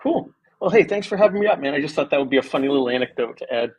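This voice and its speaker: A man's voice: mid-range voice, animated, rapid-fire, slight background noise, poor audio. A man from the area calling into a stream, telling a story in a rambling, friendly way. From Boston area. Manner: rambling, friendly, lots of fillers. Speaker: caller. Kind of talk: casual call-in chat.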